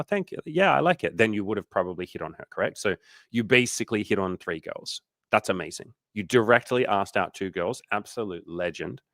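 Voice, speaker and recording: Profane, low-voiced man coaching on livestream. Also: a bit bright, no room sound. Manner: profane, candid, acts out quoted people in exaggerated voices. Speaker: dating coach. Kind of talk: casual livestream coaching chat.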